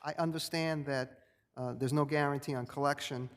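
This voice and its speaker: A male appellate judge questioning an attorney, probing and pressing, with halting restarts. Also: on the high side, fairly even intonation. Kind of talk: questioning counsel in court. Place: appellate courtroom. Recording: reverberant courtroom sound.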